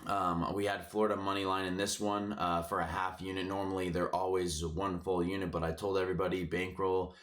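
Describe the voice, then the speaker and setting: Hoarse guy with a deep voice venting about his picks, swears constantly, lots of um and uh. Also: little pitch movement, a little fast, hardly any pauses, fairly bright tone. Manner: profane, frustrated ranting with filler words. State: hoarse from yelling. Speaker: sports betting picks host. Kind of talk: casual ranting commentary.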